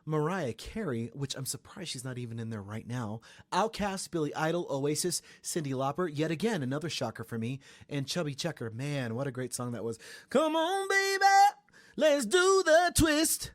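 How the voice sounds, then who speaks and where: A young man hosts a casual pop-culture podcast, talking in a chatty, animated way. His voice sits at an ordinary pitch for a man. The sound is dry and close, with no room echo. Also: a little fast, hardly any pauses. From Atlanta area, Georgia. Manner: chatty and animated, breaks into high sung bits. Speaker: podcast host. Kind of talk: casual celebrity gossip podcast.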